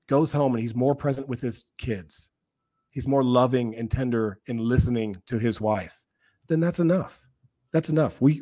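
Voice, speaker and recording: A man with a mid-range voice speaks as a podcast guest, impassioned and almost preacher-like. He slows down and repeats phrases for emphasis. The sound is dry and close, with no room echo. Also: mid-range voice, darkish tone. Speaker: podcast guest, men's group co-founder. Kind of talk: earnest podcast conversation.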